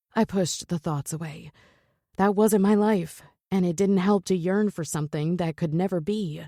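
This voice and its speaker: A woman narrating a romance audiobook in a soft, earnest manner. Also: fairly low pitch, no room sound, studio quality.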